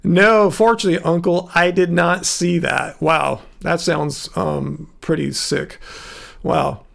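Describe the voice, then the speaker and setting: A man's voice: a little high, fairly even intonation, slow pace, vocal fry, a bit bright. A man hosting a live stream, answering viewers in a rambling, indignant way. He is starting to lose his voice. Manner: rambling, indignant, talks straight to chat.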